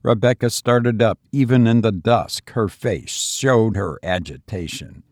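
Male narrator, low, husky, unhurried; dry close mic. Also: a little mellow, dry recording. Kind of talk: storybook narration.

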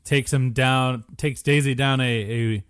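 A man's voice: mid-range voice, fairly even intonation, a little slow, clear, resonant tone, no echo. A man co-hosting a podcast, chatting casually with wry, dry jokes. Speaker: podcast co-host. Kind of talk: casual chat recapping a TV show.

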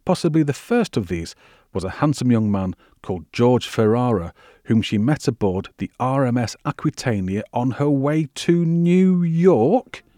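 A man hosting a history podcast, telling the story in measured, wry scripted narration. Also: mid-range voice, animated, dark tone, no room sound. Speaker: podcast host.

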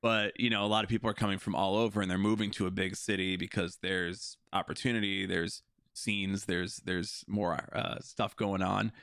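A man's voice: low voice, little pitch movement, normal speed, vocal fry, a bit bright, no room sound, clean studio sound. A man from the Chicago suburbs chatting casually and joking playfully. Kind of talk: casual chat.

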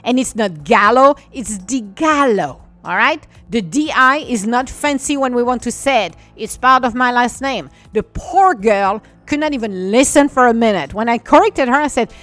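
A fired-up woman scolds a company in a ranting monologue, her fairly high voice leaping up and down as she goes. Her English phrasing is a little non-native, and soft music sits faintly behind her. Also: normal speed, few pauses, no echo. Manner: indignant, animated, scolding.

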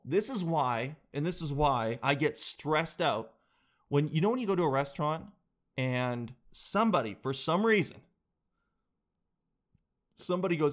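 A man in his thirties riffs through a comic personal story, mocking himself and acting out quoted voices. His voice sits a little on the high side. The talk is loose and chatty. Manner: animated, self-deprecating storytelling with exaggerated quoted voices. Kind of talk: comedic casual chat.

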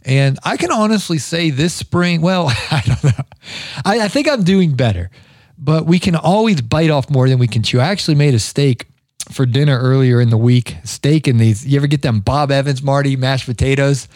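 A man's voice: medium pitch, expressive, moderate pace, darkish tone, dry recording, studio quality. A man hosting a podcast, telling stories in a chatty, rambling way with lots of fillers. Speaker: podcast host. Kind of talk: casual spoken monologue. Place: lives in Georgia.

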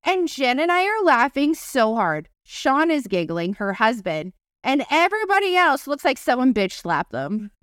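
A woman co-hosting a casual podcast, telling a story in an animated way, swearing freely and acting out quoted voices. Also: sits high, moderate pace, clean tone, no room sound, studio quality. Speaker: podcast co-host.

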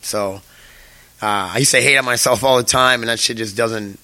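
A man's voice: mid-range voice, steady tone, normal speed, pushed and bright, no echo. Young dude rambling on his podcast, cussing a lot, dry close sound. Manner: rambling, swears freely, many fillers. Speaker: podcast host. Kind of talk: casual solo podcast chat.

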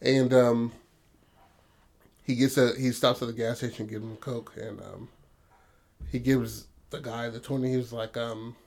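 A man's voice: medium pitch, steady tone, unhurried, pauses often, a little mellow. Rambling man telling a story. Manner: rambling, full of "you know what I mean", swears freely. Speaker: podcast co-host. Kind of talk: casual storytelling chat.

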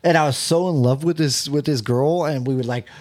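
A man's voice: fairly high pitch, fairly quick, background noise. A young man hosting a podcast, telling crude stories in casual banter with lots of swearing. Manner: animated storytelling, swears a lot. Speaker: podcast host.

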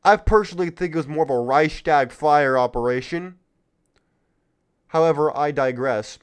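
A man's voice: fairly high pitch, moderate pace, smooth. A man hosting a political commentary podcast, talking in a heated, sarcastic rant. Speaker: podcast host.

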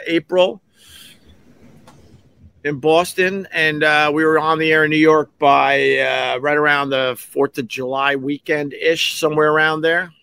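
A man's voice: on the high side, pushed and bright, clear, resonant tone, dry recording. A middle-aged man hosting a podcast, telling a rambling, digressive story and acting out the voices of people he quotes. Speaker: podcast host, former radio host. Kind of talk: casual storytelling monologue.

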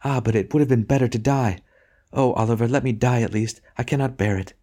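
A man's voice: medium pitch, brisk, dark tone, voice pushed up, close to an everyday voice. A man reading an audiobook, voicing a distraught young wife with a raised, tremulous, pleading voice. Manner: tremulous, emotional.

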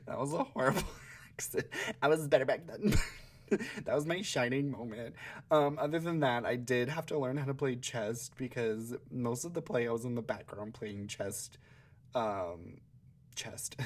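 A young man from Georgia hosting a podcast, telling stories in a chatty, sassy way and laughing often. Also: lowish voice. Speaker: podcast host. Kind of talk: casual solo storytelling.

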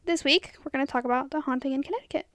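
A woman with a high, bright-sitting voice hosts a casual podcast chat. She talks in halting bursts and fills gaps with hesitations. The sound is dry and close, with no room around it. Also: dry recording. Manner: halting, searches for words with many fillers. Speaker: podcast co-host.

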